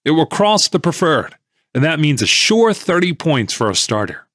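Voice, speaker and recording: An excited male tipster pushes his hot information in an audiobook, as a man reads him. The voice sits higher than the narration and swings lively and insistent. The sound is dry and close. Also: moderate pace, no echo. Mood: eager, insistent. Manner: insistent, eager, raised voice. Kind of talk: audiobook character reading.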